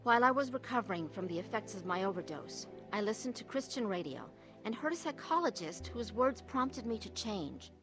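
A woman's voice: medium pitch, big pitch swings, brisk, music in the background, close to an everyday voice. A woman playing an earnest, troubled wife. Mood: reflective. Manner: earnest, confessional. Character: troubled middle-aged wife looking back. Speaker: narrator and lead. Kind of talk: radio drama testimony narration.

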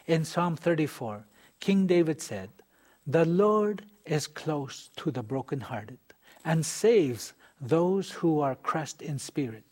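A man hosting a religious program, speaking to viewers in a measured, gentle pastoral way. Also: on the high side, breathy edge. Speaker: program host. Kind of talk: earnest religious TV appeal.

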